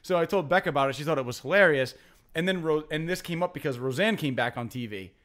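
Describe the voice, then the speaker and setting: A young man on a casual podcast, wandering through a story with plenty of "um"s and restarts. His voice sits a little higher than most men's. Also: quick pace, a bit bright. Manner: rambling storyteller, many fillers and restarts. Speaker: podcast host.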